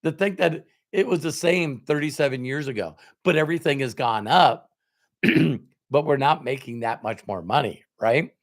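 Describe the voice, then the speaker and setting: A man's voice: mid-range voice, moderate pace. A middle-aged man, a motivational speaker, telling a personal story to an audience and acting out both sides of a conversation. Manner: animated storyteller, acts out both sides of dialogue.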